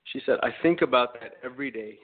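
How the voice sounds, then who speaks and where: A man's voice: medium pitch, quick pace. Man calling in over a tinny phone line. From Texas. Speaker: caller.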